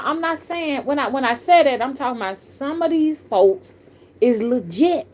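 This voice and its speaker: A Southern woman from the American South, a spiritual reader who hosts her own channel, chats casually with viewers on a live stream. Her voice sits in the mid range at a moderate pace, and her manner is folksy and animated, calling everyone "y'all."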